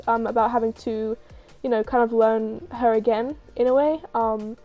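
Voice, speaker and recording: A woman with a cold, breathy and scratchy-throated, chatting casually as she answers viewer questions over gameplay. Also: fairly high pitch, level tone, a little fast, highs cut off, soft background music. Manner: chatty, lots of ums and restarts. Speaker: gaming video creator.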